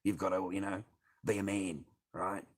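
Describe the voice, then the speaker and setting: A man's voice: low-pitched, flat delivery, normal speed. A middle-aged man, hosting a casual livestream, reading and answering chat with constant swearing and sarcasm.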